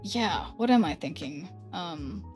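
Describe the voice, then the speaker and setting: A woman's voice: fairly low pitch, lively intonation, slow pace, faint music behind. A young woman streaming from her room, chatting casually and rambling with many fillers and frequent laughs. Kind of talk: casual livestream chat. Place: her hot bedroom with a fan blowing.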